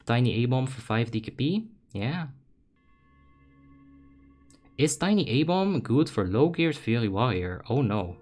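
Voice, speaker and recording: A young man from the Netherlands doing casual live gameplay commentary, reading chat aloud with excited bursts. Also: mid-range voice, normal speed, soft background music. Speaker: game streamer.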